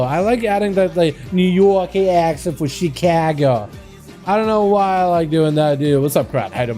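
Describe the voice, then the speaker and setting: A man streaming live, giving excitable play-by-play of game duels and breaking into joking asides. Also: fairly high pitch, moderate pace, soft background music. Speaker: streamer and match commentator. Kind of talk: livestream game commentary.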